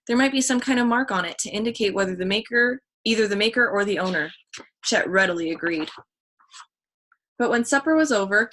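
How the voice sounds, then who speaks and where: A woman's voice: mid-range voice, a bit bright. A woman reads a children's mystery novel aloud. She now and then stumbles and restarts a phrase. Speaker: audiobook reader.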